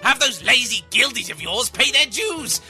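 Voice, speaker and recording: A man voicing a shifty male goblin salesman in a comic ad, high and gravelly. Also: sing-song, moderate pace, sharp tone, faint music behind, heavily acted. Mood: wheedling. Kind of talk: comic radio ad.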